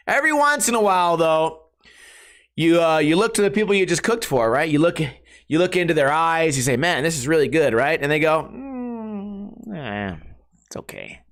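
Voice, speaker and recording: Profane rambling man, slightly high voice. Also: a bit bright, smooth. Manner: rambling, profane, jokey, acts out friends in quick impressions. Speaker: podcast host. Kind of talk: casual solo podcast chat.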